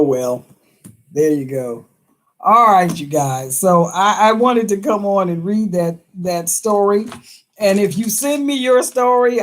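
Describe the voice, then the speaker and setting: A woman hosting a casual live stream who reads viewer comments aloud, talking in a chatty, emphatic way and laughing often. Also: mid-range voice. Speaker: livestream host reading viewer comments.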